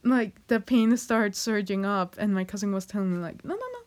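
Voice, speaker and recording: A young woman vlogging confessionally in a hesitant, halting way, with fillers and nervous little laughs, emotional and close to tears. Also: medium pitch, fairly even intonation, darkish tone. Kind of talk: confessional personal vlog.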